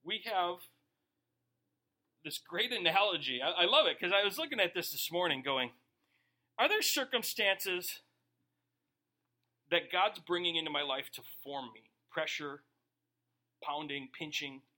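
A man preaching a sermon, animated, with many rhetorical questions and quick acted-out asides. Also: high voice. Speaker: pastor.

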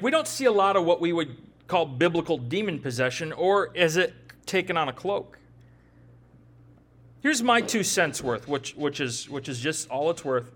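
A man preaching a sermon in a conversational, animated way, often acting out quoted dialogue. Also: high voice. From Upper Midwest of the United States. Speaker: pastor.

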